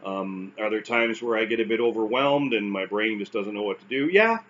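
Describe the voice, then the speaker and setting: A man's voice: fairly low pitch, lively intonation, a little fast, fairly bright tone. Canadian guy vlogging, dry jokey self-mocking, a bit muffled with light hiss. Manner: wry, self-deprecating, with restarts and fillers. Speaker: vlogger recounting stroke recovery. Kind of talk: casual talk to camera.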